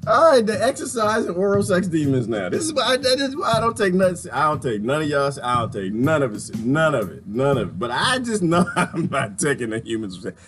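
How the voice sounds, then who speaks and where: A man's voice: on the high side, sing-song, brisk, hardly any pauses. A man giving rambling, mocking reaction commentary, laughing often.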